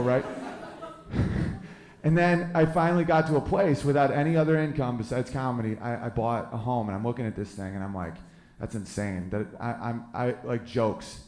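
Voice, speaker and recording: A man's voice: medium pitch, roomy sound, noisy background. Man doing a rambling stand-up set. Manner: loose, rambling delivery with goofy put-on voices. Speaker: stand-up comedian. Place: live comedy venue with audience.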